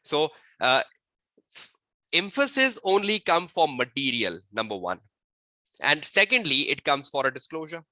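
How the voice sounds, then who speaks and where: A man tutoring an online exam-prep webinar, firing repeated rhetorical questions at students and dictating model answers slowly. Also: a little high, sing-song, pushed and bright, dry recording. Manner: slow, deliberate dictation of answer phrasing.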